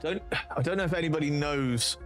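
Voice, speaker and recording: A man's voice: fairly high pitch, a little fast, soft background music. A man with a British accent, a streamer casually telling rambling, sweary anecdotes and laughing at them. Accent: British English. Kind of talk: casual storytelling on a live stream.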